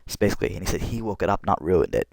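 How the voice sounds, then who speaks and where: A man's voice: low-pitched, very animated, racing, creaky, no echo. A man casually retelling a comic in his own words, rambling and leaning on "basically" and "like". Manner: rambling, filler-heavy retelling with lots of "basically" and "like". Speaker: fan summarizing a comic. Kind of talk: casual recorded commentary. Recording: noisy homemade recording with clicks.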